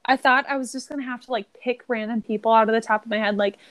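A woman's voice: on the high side, fairly even intonation, fast talker, a bit bright, no echo. A young American woman co-hosting a podcast, chatting in a bubbly, giggly way, full of "like" and acted-out quotes. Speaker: podcast co-host. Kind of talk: casual chat.

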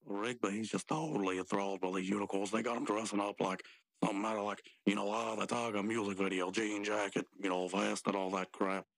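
A man with a fairly low voice, co-hosting a casual podcast and retelling a cartoon's plot. He tells it loosely, wandering into asides along the way. The sound is dry and close to the mic. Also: steady tone, brisk, vocal fry, a bit bright, dry recording. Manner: loose, rambling storytelling with asides. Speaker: podcast co-host. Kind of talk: casual chat recapping a cartoon.

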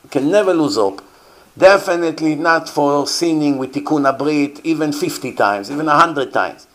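A man's voice: a little high, normal speed. Emphatic man preaching with rhetorical questions. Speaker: rabbi teaching. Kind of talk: sermon.

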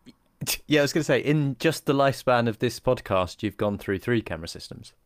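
A man's voice: medium pitch, lively intonation, fairly quick, dry recording, clean studio sound. A man co-hosting a casual podcast, easygoing and rambling, laughing often. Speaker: podcast co-host.

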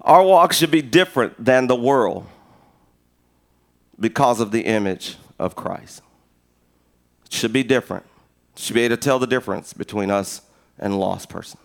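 A middle-aged man preaching a sermon as pastor, an animated, joking storyteller who acts out conversations. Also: medium pitch, moderate pace, gravelly, pauses often.

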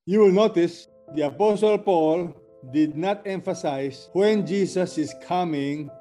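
A man's voice: high-pitched, a little slow, dark tone, soft background music. A man closing a sermon, earnestly urging the listeners to be ready. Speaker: preacher.

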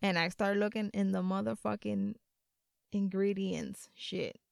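Animated, profane woman telling a story. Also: medium pitch, unhurried, vocal fry, dry recording, studio quality. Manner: animated, profane, laughs often. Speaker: podcast co-host. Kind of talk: casual storytelling chat.

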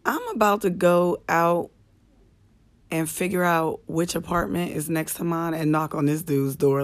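Woman, very low slightly manly voice, comedian host, rambling profane late-night rant, lying in bed, phone mic. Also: a little slow. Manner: profane, ranting, chatty. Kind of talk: casual late-night live chat. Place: bedroom in apartment at night, lying in the dark.

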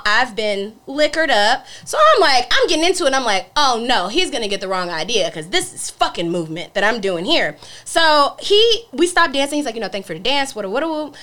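A young woman chatting on a podcast, telling a story and playing out both sides of the dialogue. Her voice is bright and forceful, sits a bit high, and she rattles along quickly with plenty of cursing. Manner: animated storyteller acting out dialogue, blunt and profane. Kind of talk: casual podcast chat.

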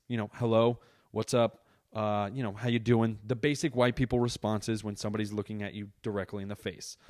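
Profane young man ranting on a podcast. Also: mid-range voice. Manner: profane, swears constantly; animated, exaggerated storytelling. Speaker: podcast host. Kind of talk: casual solo podcast rant. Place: indoors, seated on a couch.

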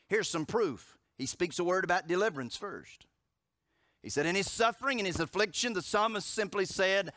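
Male pastor, impassioned sermon, bright forceful tone, soft-to-loud swings. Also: a little high, expressive, normal speed, no room sound, studio quality. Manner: impassioned preaching, swinging from loud emphatic declarations to hushed storytelling.

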